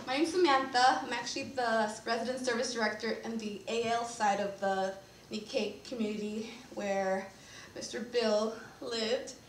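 A high-pitched woman giving a eulogy at a memorial service, with emotion catching in her voice as she laughs through tears and apologizes. She is picked up from a distance in a reverberant church with a faint hiss underneath. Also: fairly even intonation, normal speed. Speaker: resident services director at a senior living community. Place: church sanctuary.

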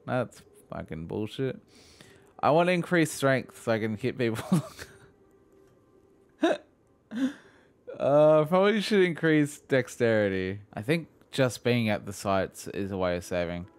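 A young man giving profane, excitable let's play commentary, laughing and mocking as he plays. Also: medium pitch, unhurried, long pauses. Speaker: gaming video host.

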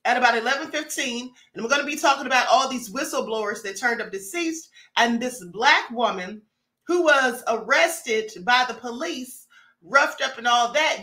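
A woman's voice: fairly high pitch, bright, forceful tone, reverberant. A woman hosting a casual livestream, chatting with viewers, greeting them by name and asking for likes. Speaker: livestream host.

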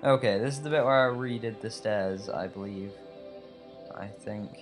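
Low-voiced English let's play host, slightly American-tinged, rambling gameplay voiceover over faint music. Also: male voice, normal speed. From England. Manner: rambling and chatty, with many fillers and tangents.

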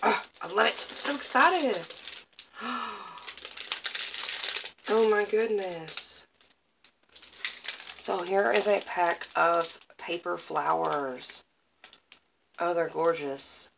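A woman's voice: lowish voice, fairly even intonation, slow pace, creaky, pauses often, noisy background. A woman vlogger, chatting casually as she unboxes craft mail, gushing and gasping with delight at each item. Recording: crinkling packaging and clicks over the voice.

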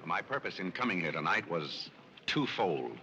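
Godfrey, a wry urbane vagrant. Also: male voice, sits low, very animated, moderate pace, dull audio. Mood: cutting. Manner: wry, understated, suave. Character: dry, urbane forgotten man, middle-aged. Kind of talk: 1930s film acting. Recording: noisy 1930s film soundtrack.

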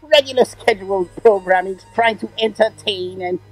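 A man's voice: sits high, normal speed, husky, soft background music, poor audio. A man voicing a sneering, cackling male demon villain in an in-character comedic rant. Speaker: comedy ranter.

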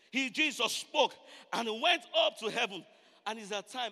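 Man preaching, high bright voice, repeats lines and shouts, long reverb. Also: normal speed. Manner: builds from low talk to shouted climaxes, repeats phrases. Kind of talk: sermon.

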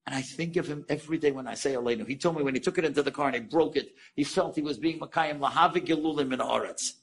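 A male rabbi tells an inspirational story with a fairly high voice that has a raspy, gravelly grain. He acts out the characters' lines with sudden leaps in pitch, then turns to his listeners with direct questions. The voice stays husky and a little breathy throughout. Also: fast. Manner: animated, acts out quoted dialogue with sudden high pitch jumps; asks the audience direct questions.

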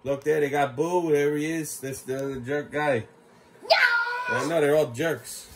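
A man's voice: on the high side, fairly even intonation, a little slow, shouting, very noisy. A man filming his kids at home in a casual vlog, exasperated and half-laughing as he talks to them. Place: family home.

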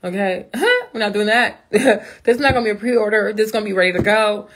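A woman who runs a makeup brand, chatting casually on a live stream to her followers in a bubbly, excitable way that now and then jumps into high squeals. She is speaking into a phone. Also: brisk.

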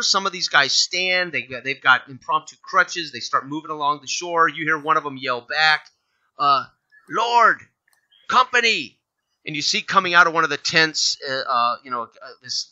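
A man runs a tabletop game as game master, describing the scene in halting bursts full of fillers. His voice is very bright and sharp, and the lo-fi recording sounds dull. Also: on the high side. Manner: halting, many fillers and restarts.

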